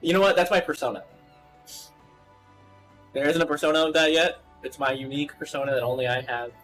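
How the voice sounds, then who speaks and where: A man's voice: on the high side, fairly even intonation, fairly quick, a bit bright, faint music behind, low-quality recording. Giggly, crude-joking man. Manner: laughs a lot, crude jokes, swears freely. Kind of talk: casual chat while playing.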